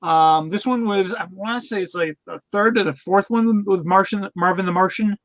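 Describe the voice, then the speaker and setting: Male podcast co-host, high-pitched, loose and chatty, full of "uh" and restarts. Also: normal speed, a bit bright. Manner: rambling with many fillers and restarts, laughs often. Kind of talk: casual chat reviewing cartoons.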